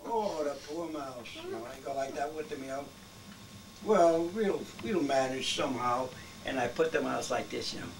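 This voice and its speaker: A man's voice: medium pitch, moderate pace. A man in his eighties telling old family stories in casual talk, chuckling as he goes and walking his listeners through each step. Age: 80s. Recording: distant home video with clear background noise.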